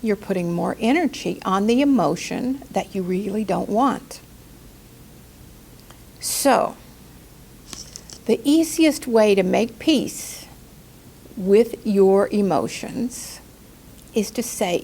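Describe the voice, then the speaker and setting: Woman, life coach, calm teaching talk, mid-pitched voice with gravelly fry, slows for emphasis. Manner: calm, gentle delivery with slow deliberate emphasis; acts out quoted outbursts in a higher, louder voice.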